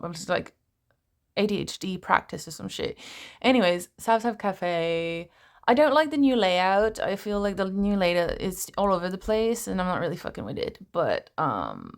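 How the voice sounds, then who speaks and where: A woman's voice: medium pitch, clear, resonant tone. A young woman, an actress, reading a book passage aloud at home and then chatting casually, swearing and laughing at herself. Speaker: actress vlogger.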